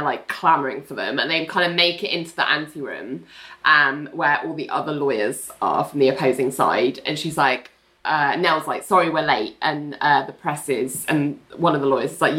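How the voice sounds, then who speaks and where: A woman in casual conversation, recapping TV scenes in quick summaries and filling her speech with "like". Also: low voice, pushed and bright, poor audio. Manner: chatty, says "like" often, recounts scenes in quick summaries. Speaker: podcast co-host recapping a TV episode.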